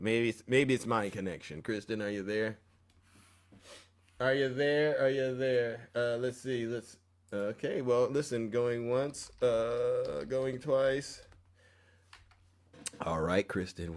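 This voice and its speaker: A man hosting a casual livestream call-in show, teasing and bantering with callers. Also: mid-range voice.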